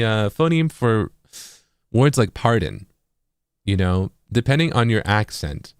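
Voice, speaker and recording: A man with an East Coast accent giving a casual tutorial, relaxed and full of fillers, sounding words out as examples. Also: mid-range voice, clean tone, dry recording, studio quality. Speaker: music producer and streamer.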